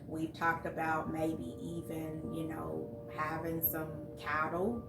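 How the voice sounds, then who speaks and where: A woman guest in a casual interview, talking in a halting way with many pauses and restarts. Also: sits low, little pitch movement, vocal fry, reverberant, recorded from a distance, over loud music. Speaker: guest, entrepreneur.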